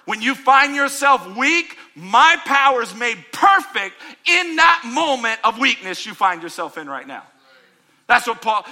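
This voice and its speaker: A middle-aged man preaching a sermon to his church, with call-and-response asides that climb to shouted peaks. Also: sits high. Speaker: pastor.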